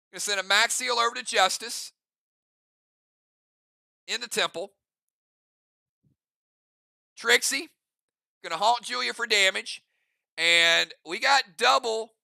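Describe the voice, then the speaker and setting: A man's voice: sits high, gravelly, sharp tone, no echo. A man running an online role-play game as game master, narrating moves in a casual, chatty way with rambling asides.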